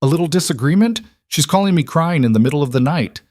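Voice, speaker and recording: A man's voice: lowish voice, sing-song, moderate pace, a little mellow, no echo, studio quality. A man voicing an anxious, protective single father who speaks urgently. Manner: urgent, insistent.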